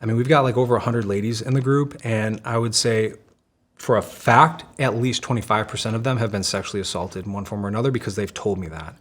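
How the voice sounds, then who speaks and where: A man in his thirties, a former special operations Marine and firearms instructor, talking casually and animatedly as a podcast guest, swearing freely and saying "dude" often. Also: on the low side. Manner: animated, profane, fast storytelling with frequent "dude" and "man". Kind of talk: casual conversational interview.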